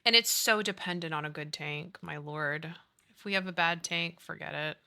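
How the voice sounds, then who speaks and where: A woman's voice: sits low, normal speed, creaky, sharp tone, clean tone. A woman in her thirties, a streamer chatting casually with her viewers while she builds in a game. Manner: chatty, upbeat, reads and answers chat.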